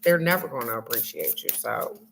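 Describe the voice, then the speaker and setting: A woman hosting a casual livestream, talking loud and fast with slang, swearing and lots of laughter. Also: low-pitched, gravelly, heavy background noise. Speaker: spiritual card reading host. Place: on a trip abroad.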